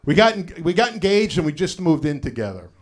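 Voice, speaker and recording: A middle-aged man on stage with a voice that sits a touch high for a man. He tells his stories casually, dropping "you know" between lines and delivering the punchlines flat and dry. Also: fairly quick. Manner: conversational storytelling with frequent "you know" asides. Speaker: stand-up comedian. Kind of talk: live stand-up set.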